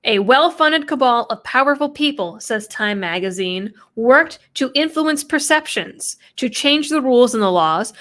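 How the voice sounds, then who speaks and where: A woman's voice: a little high, a bit bright. Sarcastic woman reading political commentary. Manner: sarcastic, quotes text then mocks it. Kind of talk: reading and commenting on a news article.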